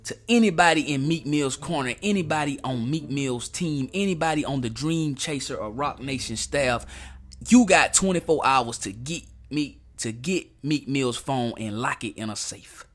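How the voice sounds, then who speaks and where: Animated slangy man reacting on camera. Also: medium pitch, normal speed, faint music behind. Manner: animated, slangy, talks straight to viewers. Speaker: reaction video host. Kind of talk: casual reaction commentary.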